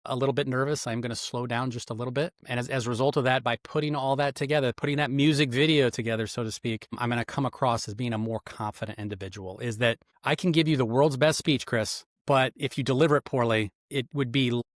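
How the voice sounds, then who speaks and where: Retired investigator type, middle-aged man, rapid teaching talk, dry mic. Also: medium pitch, dry recording. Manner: animated, instructive, acts out quoted lines. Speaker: guest, retired federal agent and interrogator. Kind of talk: explanatory interview talk.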